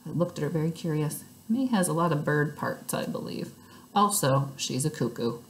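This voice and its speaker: A woman reading a children's book aloud in lively first-person storytelling. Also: low voice, normal speed.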